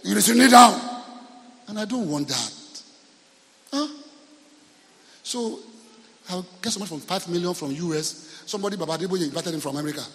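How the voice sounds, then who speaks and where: Nigerian male pastor, story-driven humorous sermon, slightly high voice, echoing church hall. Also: expressive, a little fast, long pauses. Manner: storytelling, humorous, asks the congregation questions.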